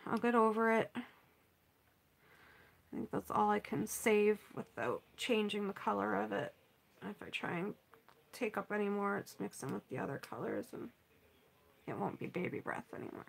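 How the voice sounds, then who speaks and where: A woman's voice: mid-range voice, moderate pace, creaky, long pauses. A woman chatting casually on a livestream while she paints, sighing and pouting over a setback.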